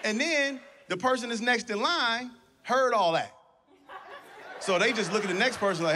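A male stand-up comedian on a comedy stage, telling stories in an animated, conversational way into a handheld mic. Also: extremely high pitch, normal speed, noisy background. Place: comedy stage before an audience.

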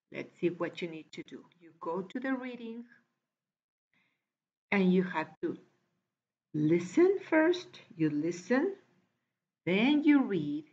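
A woman's voice: medium pitch, a little mellow, husky. A woman teacher walking her class through a reading lesson, patiently repeating words one by one. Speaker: English teacher. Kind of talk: recorded online class walkthrough. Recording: dull lo-fi recording.

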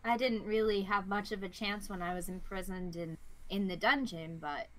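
A woman voicing a young, medium-sized blue dragon who answers calmly and politely. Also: medium pitch, normal speed, natural voice, low-quality recording. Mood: calm courteous. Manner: calm, brief, courteous replies.

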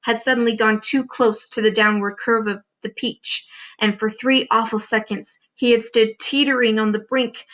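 A woman reading a chapter of a children's book aloud with expressive storytelling. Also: on the high side, normal speed. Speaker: reader.

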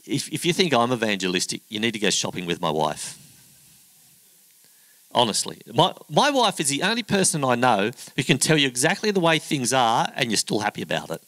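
A man's voice: medium pitch, big pitch swings, fast, few pauses, fairly bright tone, dry recording, rough recording. A middle-aged man preaching a sermon, telling a story in a chatty, humorous way and acting out the other people's voices. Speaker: pastor.

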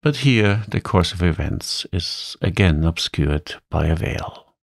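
A man reading a classic story aloud in a calm, soothing bedtime voice. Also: low-pitched, takes it slowly, no echo, clean studio sound. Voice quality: soft, soothing, gravelly.

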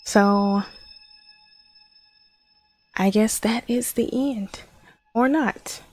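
A woman plays horror games and talks through them in a slow, unhurried way. She reacts to scares with gasps and startled remarks. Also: a little high, darkish tone, dry recording, faint music behind. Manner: jumpy, gasping reactions. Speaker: horror game player. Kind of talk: let's play commentary.

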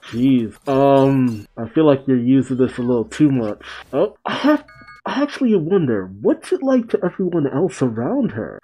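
A man with a mellow, warm-toned voice talks casually through a reaction video. He gives running commentary on a cartoon, full of quick exclamations and gasps. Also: medium pitch, husky. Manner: exclamatory, quick gasps and chuckles between remarks.

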